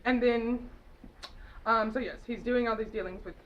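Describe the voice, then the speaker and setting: A woman's voice: a little high, steady tone, moderate pace. A woman retelling a film plot in a loose, giggly way, full of fillers and self-corrections. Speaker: movie reviewer. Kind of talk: casual rambling movie recap. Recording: dull lo-fi home recording with faint noise.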